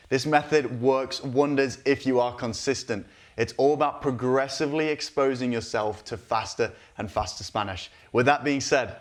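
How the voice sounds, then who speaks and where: Male Spanish teacher explaining, mid-pitched. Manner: explanatory, checks in with listeners often. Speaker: Spanish teacher and channel host. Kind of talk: language lesson.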